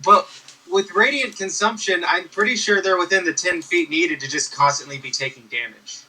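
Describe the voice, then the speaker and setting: Bright breathy man, slightly off mic. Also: high-pitched, moderate pace, far from the mic, low-quality recording. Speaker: player. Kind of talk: casual tabletop play.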